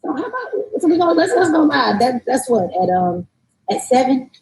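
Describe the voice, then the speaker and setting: A woman's voice: high-pitched, big pitch swings, normal speed, darkish tone, breathy edge, poor audio. A woman hosting a casual livestream, loose and joking as she talks, cussing now and then, streaming remotely from a tablet. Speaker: host. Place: remote location.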